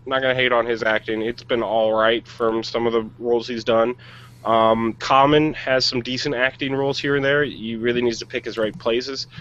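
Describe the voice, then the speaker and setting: A man's voice: mid-range voice, fairly even intonation, moderate pace, a bit bright, muffled recording. A man co-hosting a podcast, chatting casually and giving blunt, jokey opinions on movies. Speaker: podcast co-host. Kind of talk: casual chat.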